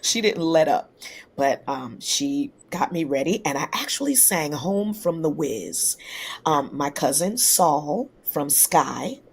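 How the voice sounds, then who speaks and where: A singer from New York City, a woman, telling lively stories in a casual interview and acting out the people she quotes. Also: low-pitched, slow, vocal fry, breathy edge. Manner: lively anecdotes, acts out quoted voices. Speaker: singer guest.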